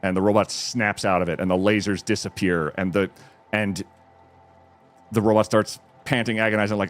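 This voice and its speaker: A man streaming from home, retelling a film with excitement, restarting sentences and leaping up in pitch at the dramatic moments. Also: normal speed, faint music behind. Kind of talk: animated storytelling while gaming.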